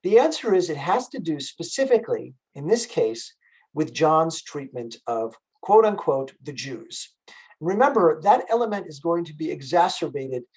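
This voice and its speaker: A man gives a lecture over a video call, his voice sitting a little high for a man. He explains patiently and methodically, often pausing with fillers as he gathers his thoughts. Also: sing-song, a little mellow, husky, rough recording. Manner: explanatory, measured, with frequent fillers. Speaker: music lecturer. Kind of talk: online lecture.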